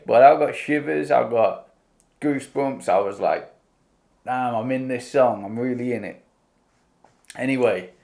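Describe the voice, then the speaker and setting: A man's voice: mid-range voice, gravelly, darkish tone. A man from the UK talking casually and enthusiastically as he reacts to a song and goes through its lyrics, with lots of fillers. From United Kingdom. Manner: enthusiastic, rambling, many fillers. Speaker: music reaction host.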